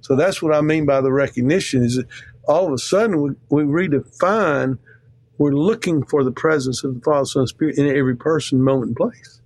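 An American man from the United States, appearing as a guest theologian, tells stories conversationally into a close podcast mic, earnest and emphatic yet rambling with restarts. His voice is fairly high, a little fast and a little mellow.

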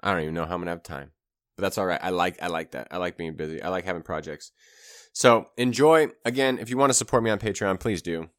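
Laid-back man with a low voice. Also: fast talker. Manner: relaxed, rambling, with restarts and soft asides. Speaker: podcast host and rapper. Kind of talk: casual podcast talk.

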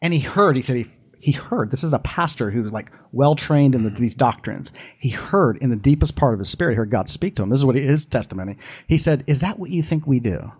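A man's voice: medium pitch, expressive, fast talker, slightly rough. A man co-hosting a live podcast, telling a long story with many restarts and asides. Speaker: podcast co-host.

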